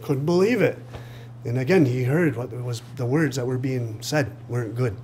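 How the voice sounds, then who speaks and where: A man telling a traditional story aloud to an audience in a lively way, acting out the voices and chuckling at his own jokes. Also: medium pitch, normal speed, a little hiss or hum. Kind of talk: live oral storytelling. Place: live reading event.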